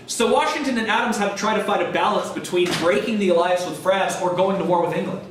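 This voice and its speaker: A man with a high-sitting voice talks fast, giving a casual, jokey college history lecture in which he acts out historical figures. It's a classroom lecture in a college classroom, recorded from a distance in an echoey room with a little hiss or hum.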